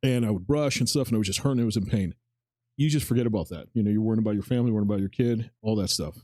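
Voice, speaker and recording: A man's voice: lowish voice, racing, dark tone, dry recording. A man hosting a podcast, telling a story in loose, informal chat and acting out both sides of the conversations, with some mild swearing. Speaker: podcast host.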